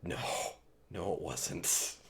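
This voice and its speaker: A man's voice: slow, a bit bright. A man from Pennsylvania hosting a casual gaming podcast, rambling and poking fun at himself as he hands the talk around. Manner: rambling, self-mocking and jokey. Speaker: podcast host.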